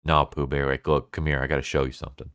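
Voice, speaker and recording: A rebellious supersoldier deer pleads with his comrade in an urgent, steady voice, as a man reads him out. The voice sits very low and smooth. The recording is close and dry. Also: fast talker, no room sound. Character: rebellious male supersoldier deer, intense and persuasive.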